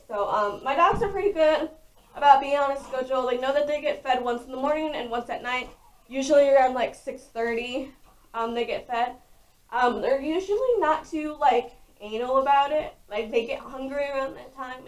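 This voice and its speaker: Loud, frank young woman vlogger. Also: on the high side. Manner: talks loudly and frankly, with many fillers. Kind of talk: casual chat to camera. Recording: voice distant from the mic.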